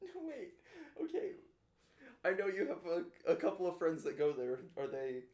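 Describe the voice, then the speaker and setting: A man's voice: on the high side, wildly swooping pitch, moderate pace, a little mellow. A man chatting bluntly as a podcast co-host, swearing freely and laughing often. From Kentucky. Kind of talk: casual chat. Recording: echoey room.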